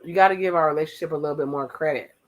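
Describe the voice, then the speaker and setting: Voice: mid-range voice, low-quality recording. Playful reality-show commentator. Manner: playful, teasing, recaps dialogue in quick asides. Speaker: watch-along commentator.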